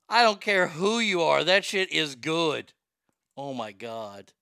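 A man hosting a crude comedic talk show, profane and excitable, laughing at his own jokes. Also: a little high, slow pace, vocal fry, smooth, no room sound, clean studio sound. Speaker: show host.

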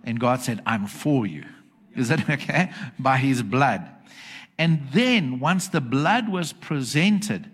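Male preacher, mid pitch, emphatic, checks in with the congregation. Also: lively intonation, slow, fairly bright tone. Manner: emphatic, asks the congregation for agreement. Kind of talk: sermon. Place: church with congregation.

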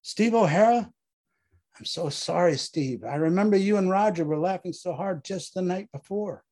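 A man playing a haunted, husky veteran lieutenant. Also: sits high, normal speed, a little mellow, voice pushed up. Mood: mournful. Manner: pleading, exasperated, grief-stricken. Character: haunted male veteran platoon leader, grieving and angry.

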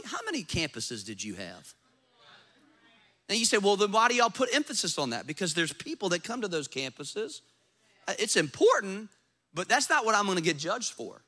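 A man, a pastor preaching a sermon in a church, acting out doubters' voices as he goes. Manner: animated preaching, acts out skeptics in a high voice.

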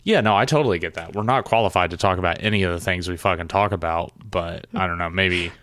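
A man's voice: low-pitched, fast, fairly bright tone. A man in casual podcast chat, talking loosely with swearing and trailing restarts.

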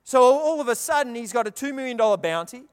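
A man preaching a sermon, telling the story with animated delivery and acting out the characters' lines. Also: extremely high pitch, fast talker, smooth. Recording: long reverb of a large hall.

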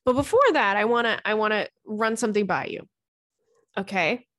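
A young woman hosts a podcast in loose, casual chat. She is blunt and chatty and curses freely. Her voice sits at an ordinary pitch, recorded dry and close with no room sound. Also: moderate pace, a bit bright, no room sound. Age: young adult. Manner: frank, chatty, swears freely. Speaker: podcast host.

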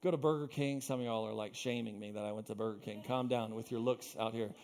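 A young adult man preaching a sermon as pastor, telling stories with loud bursts and quiet asides. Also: fairly low pitch, fast. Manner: animated storytelling, swinging between loud bursts and quiet asides.

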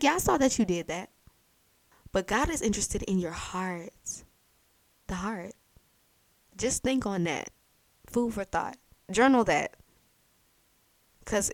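A young adult woman hosting a faith podcast, telling a Bible story in a lively, chatty way. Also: medium pitch, creaky, no echo. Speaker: podcast host. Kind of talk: faith-based podcast talk.

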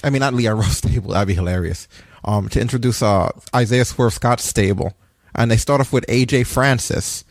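A man's voice: mid-range voice, moderate pace, dry recording. A man hosting a wrestling podcast in casual chat, joking with his co-host and leading the segments. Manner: relaxed, joking, runs the segments.

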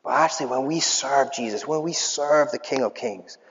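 A man's voice: mid-range voice, moderate pace. A man preaching a sermon in a church hall, talking in a conversational way with some filler words. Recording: echoey hall, dull lo-fi.

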